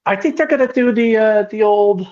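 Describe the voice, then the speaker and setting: A man's voice: high voice, brisk, muffled recording. A man co-hosting a podcast, telling stories in casual chat with plenty of swearing. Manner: animated, profane storytelling with loud acted quotes. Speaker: podcast co-host.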